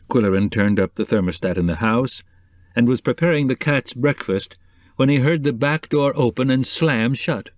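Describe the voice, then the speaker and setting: Measured man narrating a novel. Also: medium pitch, no echo. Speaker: audiobook narrator. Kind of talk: scripted narration.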